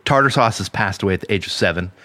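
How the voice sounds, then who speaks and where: A man's voice: fairly low pitch, very fast, bright, forceful tone, dry recording. A man co-hosting a casual podcast, earnest and emphatic, swearing for emphasis. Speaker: podcast co-host.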